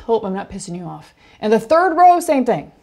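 A woman coaches a film class over a video call. She talks in an animated, storytelling way and breaks off into lively asides to her students. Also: on the high side, a little fast. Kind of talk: online class talk.

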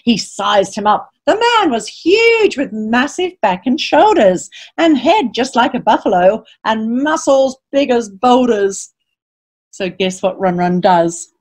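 A woman, a children's author, reading a picture book aloud to children as an animated storyteller, reciting rhyming verse and asking her listeners questions. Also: a little high, unhurried. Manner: reads rhyming verse in lively sing-song.

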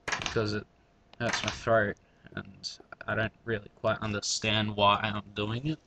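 Low, slow-talking man narrating gameplay. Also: flat delivery, background noise. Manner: rambling, mumbled asides to viewers. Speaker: let's play gamer. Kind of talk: casual gameplay commentary.

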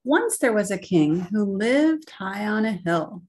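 A woman reads a picture book aloud as a church storyteller, going slowly and expressively and making the sound effects herself. Her voice is mid-range.

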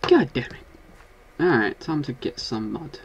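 A man giving casual, excitable commentary while playing a video game, scolding and swearing at the monsters on screen. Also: mid-range voice, measured pace, creaky, slight background noise. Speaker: gaming video host.

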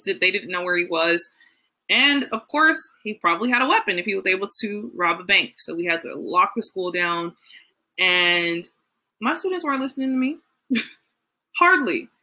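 Chatty bright-voiced woman teaching Bible study. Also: on the low side. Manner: chatty, many fillers, acts out quotes. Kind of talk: casual Bible lesson.

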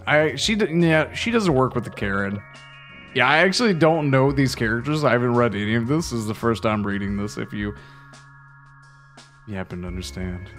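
A man's voice: mid-range voice, expressive, fairly quick, fairly bright tone, faint music behind. Easygoing man chatting over gameplay. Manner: rambling, easygoing. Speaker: game reviewer. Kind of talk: casual gameplay commentary.

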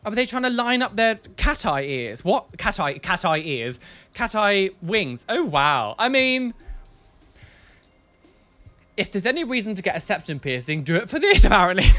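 Camp man, lively and bright. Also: sits high. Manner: camp, sassy, exclamatory. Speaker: body piercer and show host. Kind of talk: casual reaction commentary.

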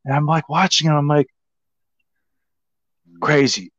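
A man guest telling a story in a casual, animated and profane way, full of "like". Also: medium pitch, moderate pace, no echo. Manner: animated, profane, heavy use of "like". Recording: slightly dull, dry sound.

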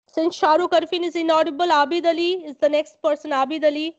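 Female lecturer, Indian English accent, high pitch, insistent and repetitive, dull online-call sound. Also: fairly even intonation, quick pace, hardly any pauses. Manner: corrective, repeats points. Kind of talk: online class feedback. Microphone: video call.

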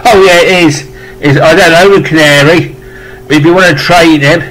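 A man's voice: a little high, steady tone, moderate pace, a bit bright, a little hiss or hum, rough recording. A British man casually chatting on camera as he unboxes records, rambling and effusive with joking asides. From United Kingdom.

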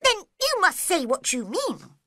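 A woman voicing an excitable male March Hare from a storybook, high and sharp. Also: unhurried, no room sound, studio quality, full character voice. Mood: shrill.

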